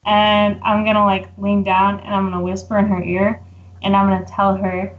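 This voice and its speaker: A woman's voice: mid-range voice, monotone, normal speed, narrow, tinny audio. A woman playing a tabletop game, describing her actions step by step. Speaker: player. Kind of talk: casual tabletop play.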